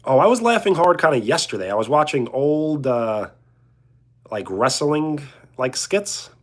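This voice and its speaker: Husky-voiced joking male streamer. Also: a little high, sing-song, unhurried. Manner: joking, chuckling, reading viewer questions aloud. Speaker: livestreamer answering chat. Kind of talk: casual live chat.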